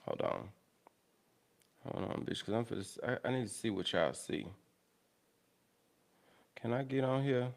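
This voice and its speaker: A man's voice: mid-range voice, wildly swooping pitch, moderate pace, creaky, long pauses. A young man hosting a livestream, chatting casually with viewers in a blunt, profane, exasperated way. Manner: blunt and profane, loud and exasperated, swearing at tech trouble. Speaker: livestream host.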